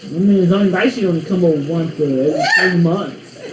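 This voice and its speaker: A woman's voice: lowish voice, animated, fairly quick, roomy sound, background noise. A woman hosting her own vlog, chatting to viewers in a playful, rambling, teasing way. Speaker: vlog host. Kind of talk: casual chat to viewers.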